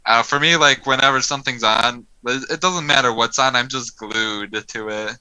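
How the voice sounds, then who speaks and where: A man's voice: medium pitch, moderate pace, bright, forceful tone, clean tone, poor audio. A young man co-hosting a podcast in easygoing, agreeable casual chat, laughing along with his friend. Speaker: podcast co-host. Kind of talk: casual chat while gaming.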